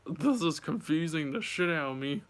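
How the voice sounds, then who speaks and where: A man's voice: fairly high pitch, expressive, moderate pace. A young man casually telling a story to his viewers, chatty, swearing and acting out both sides of a conversation. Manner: chatty, swears, retells dialogue animatedly. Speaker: vlogger.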